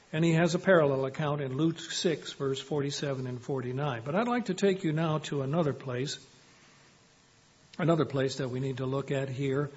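Husky-voiced man preaching a sermon. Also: on the high side, darkish tone. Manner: measured, emphatic, quotes scripture. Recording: dull lo-fi recording.

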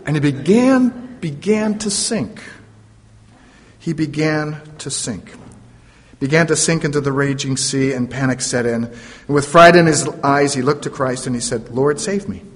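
A man's voice: on the high side, a little slow. A man preaching a sermon, retelling a story dramatically with playful asides. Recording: long reverb of a large hall.

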